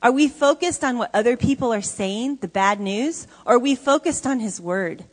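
A woman's voice: a little high, lively intonation, moderate pace, long reverb tail. A woman preaching a sermon to a congregation, emphatic and conversational, often asking the audience questions. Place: church hall before an audience.

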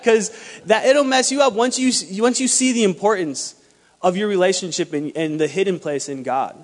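A young man delivers a sermon with a high-pitched voice, animated and acting out little dialogues. His words ring with a long reverb in a church hall. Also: normal speed. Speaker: preacher.

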